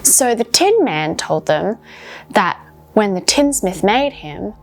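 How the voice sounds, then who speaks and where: A woman's voice: mid-range voice, big pitch swings, slow, soft background music. A woman coaching children through yoga poses while telling a story, encouraging and instructive.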